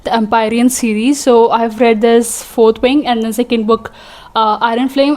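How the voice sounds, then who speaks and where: A young woman with an Indian English accent, chatting excitedly and rambling as a book vlogger. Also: a little high. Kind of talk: casual vlog chat.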